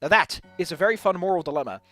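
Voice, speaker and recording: A man's voice: high-pitched, expressive, very fast, bright, forceful tone, no room sound, faint music behind. A young man ranting off the cuff about a tabletop campaign idea, rambling with many restarts and frequent swearing. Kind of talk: unscripted solo rant.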